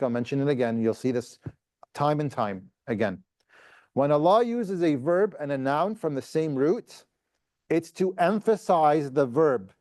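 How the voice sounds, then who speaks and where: A man teaching a class, moving between plain explanation and chanted recitation of verses. His voice sits at an ordinary middle pitch. The sound is dry and close, with no room echo, and he turns to his students with questions. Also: darkish tone. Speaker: Quran teacher. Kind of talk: classroom tafseer lesson.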